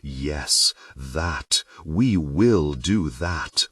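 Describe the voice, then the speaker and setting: A man's voice: a bass voice, lively intonation, very slow, a bit bright, no room sound, studio quality, distant mic, heavily acted. A man voicing an earnest male alien boyfriend who speaks in formal, precise phrases without contractions.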